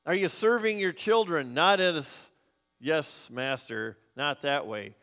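A man's voice: high-pitched, very animated, measured pace, a bit bright. A man preaching a sermon as a pastor, earnest and conversational, asking the congregation questions. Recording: long hall reverb.

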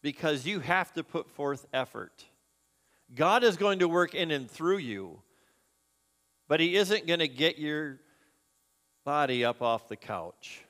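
A man's voice: fairly high pitch, expressive, slow pace, long pauses, fairly bright tone. A man preaching a sermon as a pastor, earnest and conversational, asking the congregation questions. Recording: long hall reverb.

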